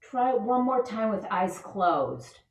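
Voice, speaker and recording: A woman's voice: medium pitch, big pitch swings, takes it slowly. A woman leading a children's yoga and mindfulness lesson, giving upbeat, encouraging step-by-step instructions. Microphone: camera set back from her. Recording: roomy sound from a distant mic.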